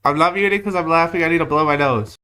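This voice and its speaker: Bright-voiced joking male streamer. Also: a little high, fast, smooth. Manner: joking, chatty, self-mocking. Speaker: streamer reacting to videos. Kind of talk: casual live-stream chat.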